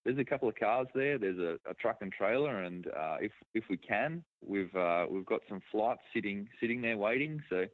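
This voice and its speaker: A man's voice: fairly low pitch, animated, normal speed, hardly any pauses, no echo. A man from Australia with a Western Australian accent, a guest chatting easily over a remote call. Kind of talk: casual remote interview. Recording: tinny phone-like line.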